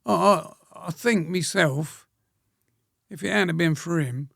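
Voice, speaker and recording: A very old man around a hundred tells stories in a plain, unhurried way. His voice sits a little high and is gravelly, and it is recorded close and dry. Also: fairly bright tone, dry recording. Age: 100. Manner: plain-spoken, slow storytelling, frequent pauses and throat-clearing. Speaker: guest, war veteran. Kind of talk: reminiscing interview answers.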